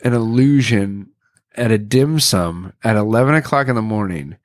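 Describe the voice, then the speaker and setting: A man's voice: fairly low pitch, normal speed, dry recording, studio quality. A young man hosting a podcast, laid-back and chatty, throwing in "dude" often. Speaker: podcast host. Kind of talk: casual podcast conversation.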